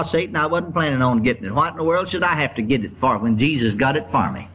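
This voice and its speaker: A man's voice: fast, few pauses, slight background noise. An older man preaching a folksy storytelling sermon, acting out his own laughter. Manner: folksy storytelling, lively pitch, acts out laughing.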